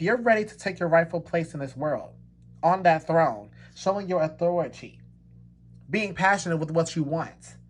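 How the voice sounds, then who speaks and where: Slightly rough, high-ish, and fairly bright, this man's voice leads a pick-a-card tarot reading for viewers. He stresses and repeats his points reassuringly, slipping into laughs and exclamations.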